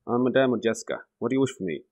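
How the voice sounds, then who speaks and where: A man's voice: medium pitch, lively intonation, very fast, darkish tone, close to an everyday voice. A man voicing a weary, jaded woman who once ran a saloon, reading her game lines aloud. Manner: reads game dialogue aloud.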